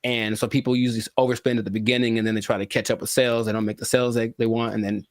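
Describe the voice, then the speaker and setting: Animated, jokey male podcast host. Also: medium pitch, racing, dry recording, studio quality. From California. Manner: animated, jokey, rambling asides. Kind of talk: casual podcast chat.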